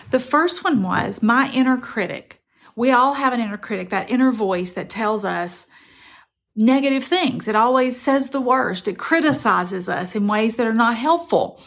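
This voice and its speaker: A middle-aged woman, earnestly telling a personal story in a reflective, conversational way. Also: a little high. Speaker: motivational speaker.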